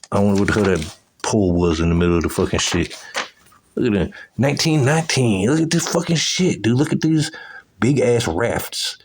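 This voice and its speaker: A man's voice: on the low side, a little mellow, husky. A man giving profane, agitated commentary on old photos, exclaiming as he goes. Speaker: video host.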